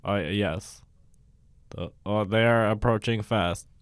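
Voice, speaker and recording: A man doing an improv scene as a stiff Russian man named Vladimir, with a put-on Russian accent and hesitant, halting lines. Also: fairly low pitch, fairly even intonation, smooth, no echo. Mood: deadpan.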